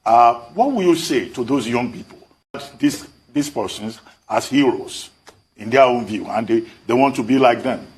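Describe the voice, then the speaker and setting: A man's voice: mid-range voice, expressive, moderate pace. A man hosting a TV interview, politely steering his guest to wrap up.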